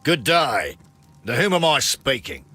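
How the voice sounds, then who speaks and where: A man's voice: mid-range voice, sing-song, measured pace, sharp tone, breathy edge, faint music behind, exaggerated voice. A man voicing an irritable, wealthy male businessman and engineer with an Australian accent in a video game. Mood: irritated. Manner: impatient, complaining, brusque.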